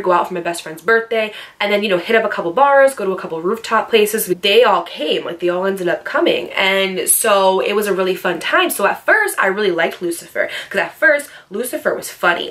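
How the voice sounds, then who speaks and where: A woman's voice: medium pitch, a bit bright. A woman in her twenties telling a personal story to her viewers, candid and profane, with lots of "like". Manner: candid, profane, heavy filler "like". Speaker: storytime vlogger. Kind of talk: casual storytelling.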